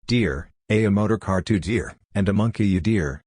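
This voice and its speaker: An eager, joke-telling middle-aged trawlerman, read by a man in a deep, low voice. The sound is dry and close, with no room echo. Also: moderate pace, darkish tone, slightly rough. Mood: joking.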